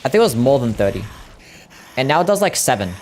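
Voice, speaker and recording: This young Australian streamer, Australian accent and all, talks fast in a mid-range, darkish voice full of big pitch swings. He swears and chats casually to viewers while gaming, with slight background noise.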